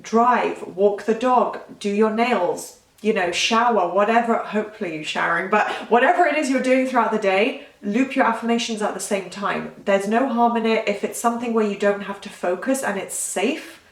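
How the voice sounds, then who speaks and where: A woman's voice: mid-range voice, normal speed, hardly any pauses, recorded from a distance. Chatty woman coach in a roomy space. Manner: rambling, self-correcting, chatty. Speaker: manifestation coach. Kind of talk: casual talking-head advice.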